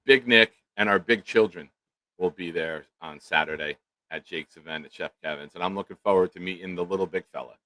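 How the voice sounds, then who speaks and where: A middle-aged man rants through a crude comic story, loud and animated. His voice is bright and forceful, and the sound is dry and close with no room echo. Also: low-pitched. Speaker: podcast co-host. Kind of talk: profane comedic storytelling.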